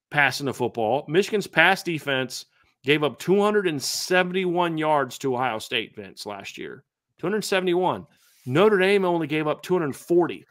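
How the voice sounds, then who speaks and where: Man, middle-aged, sports podcast host, animated, stat-heavy, frequent restarts. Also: a little high. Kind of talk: sports analysis chat.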